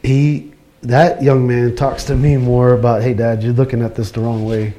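Mellow-voiced man giving a casual church talk. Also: mid-range voice, flat delivery, normal speed. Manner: conversational, personal and earnest. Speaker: lay preacher.

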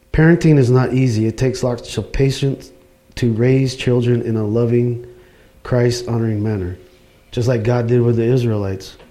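A man's voice: mid-range voice, dark tone. A middle-aged man giving an informal, earnest church talk, speaking personally and conversationally. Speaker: lay preacher.

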